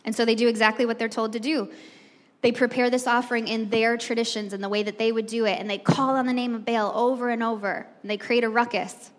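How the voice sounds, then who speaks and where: This woman preaches quickly, her high-side voice showing little pitch movement. She retells the story in a chatty, conversational sermon aimed straight at the congregation, with long hall reverb on the recording.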